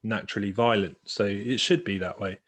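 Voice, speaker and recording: A man's voice: fairly low pitch, steady tone, a little fast. A man co-hosting a casual podcast chat about football films, chatty, trailing off with fillers and laughing often. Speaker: podcast co-host.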